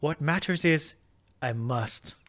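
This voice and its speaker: A man voicing an earnest young woman seer with an Irish accent, speaking softly and apologetically while reading game dialogue aloud. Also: a little high, takes it slowly, pitched above the performer's own voice.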